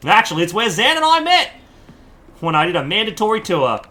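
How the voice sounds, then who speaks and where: A man's voice: high voice, very animated, brisk, pushed and bright, full character voice. A man reading game dialogue aloud in his own voice for an eager young woman who once served as a soldier. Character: friendly young woman soldier, upbeat guest.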